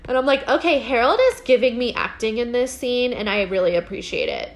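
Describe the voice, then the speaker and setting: A woman's voice: on the high side, normal speed, few pauses. Chatty, giggly woman recapping a show. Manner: animated, filler-heavy, giggly. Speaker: podcast host. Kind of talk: casual TV episode recap.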